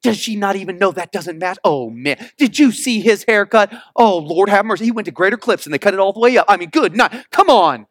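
A petty churchgoer gossips in a hushed, muttering voice, as a male preacher puts him on. The catty whispers sit well below the preaching. The sound is dry and close. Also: high-pitched, animated, a little fast, hardly any pauses, dry recording, voice pushed down.

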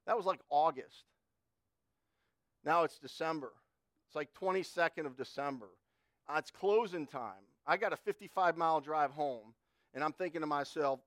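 A man's voice: a little high, normal speed, fairly bright tone, no echo, studio quality. A middle-aged man preaching a sermon in a folksy, conversational way, telling a personal story and often restarting his words.

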